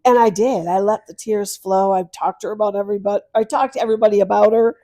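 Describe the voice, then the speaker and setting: A middle-aged woman, a podcast guest, telling a personal story of loss, tearful and earnest, moving from soft hushed lines to louder bursts. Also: medium pitch, fairly even intonation, quick pace, no echo, clean studio sound.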